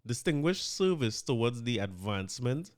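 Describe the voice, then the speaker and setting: A man's voice: medium pitch, very animated, moderate pace. A man with a Trinidadian accent, hosting a podcast in casual, chatty commentary with laughing, opinionated asides. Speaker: podcast host.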